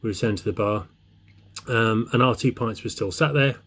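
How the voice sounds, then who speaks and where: A man's voice: fairly low pitch, moderate pace, fairly bright tone, slightly rough. A man telling a joke as a chatty, meandering anecdote. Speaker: joke teller.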